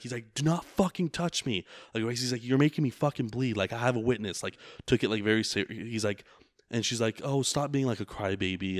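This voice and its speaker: A man's voice: fairly low pitch, dry recording, clean studio sound. A man who drives for a rideshare service, telling a story in casual chat, rambling and profane with lots of filler words.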